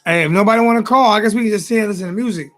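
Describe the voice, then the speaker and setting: High-voiced man hosting a rambling late-night show. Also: very fast, fairly bright tone, faint music behind. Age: 40s. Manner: rambling, repeats phrases, talks straight to chat. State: tired. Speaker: sports talk show host. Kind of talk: casual late-night livestream chat.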